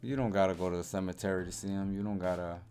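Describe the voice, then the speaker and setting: A man co-hosts a live stream in relaxed, casual chat, speaking reflectively and dropping "you know" often. His voice is very low. Faint music plays behind him. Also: rapid-fire. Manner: laid-back, reflective, full of "you know".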